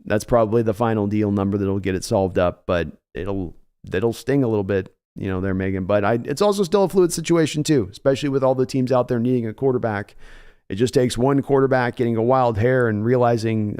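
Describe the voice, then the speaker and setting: A man hosting a casual sports livestream, chatting in a joking, animated way and thanking viewers by name. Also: mid-range voice, a little fast, smooth. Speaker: sports show host.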